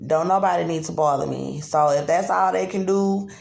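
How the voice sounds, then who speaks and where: A woman rants into her phone in a dark motel room, agitated and profane, circling back to the same points. Her voice has a gravelly fry, and the small room gives it a roomy, echoey sound. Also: lowish voice, moderate pace. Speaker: vlogger. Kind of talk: angry self-filmed monologue. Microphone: phone camera.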